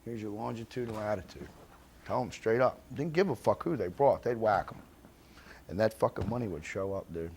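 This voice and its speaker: A man with a fairly low voice tells a rough story from his past, cursing freely as he goes. He speaks bluntly and acts out the other characters' lines, sometimes dropping to a low murmur for asides. A faint hiss sits under the recording. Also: very animated, moderate pace, a little mellow. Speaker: interviewee recounting his past. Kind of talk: profane storytelling anecdote.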